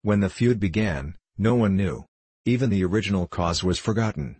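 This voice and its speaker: A man narrating a novel aloud in a measured, unhurried storytelling manner. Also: low voice, lively intonation, a little mellow, slightly rough, no echo. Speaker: audiobook narrator.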